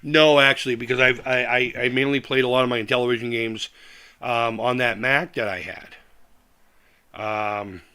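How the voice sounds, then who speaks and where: A man's voice: medium pitch, steady tone, moderate pace, bright, forceful tone, smooth. A middle-aged man hosting a live chat stream, reading comments aloud and ranting with heavy profanity and frequent laughs. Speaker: livestream host.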